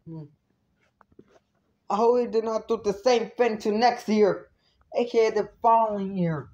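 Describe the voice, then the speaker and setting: A woman's voice: on the high side, measured pace, pauses often, warm tone, dull audio. A woman giving an indignant review rant, swearing freely. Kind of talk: ranting review vlog.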